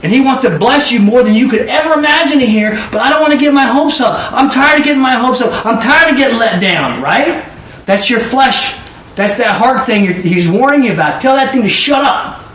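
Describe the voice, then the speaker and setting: A middle-aged man giving informal Bible teaching, swinging from low musing to high emotional exclamations. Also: animated, fairly quick, fairly bright tone. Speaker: preacher. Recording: echoey room, mic at a distance, faint ambient noise.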